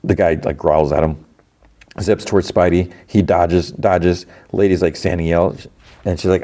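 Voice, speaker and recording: A podcast host casually recaps a cartoon episode, rambling loosely with lots of "like" and restarts. His low voice has a dark, steady tone and moves at normal speed.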